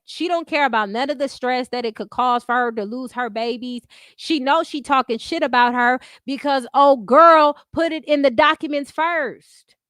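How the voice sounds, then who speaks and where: A woman's voice: high voice, a bit bright, no room sound, studio quality. A woman hosting an unscripted commentary stream, talking bluntly with heavy profanity and repeating her catchphrases.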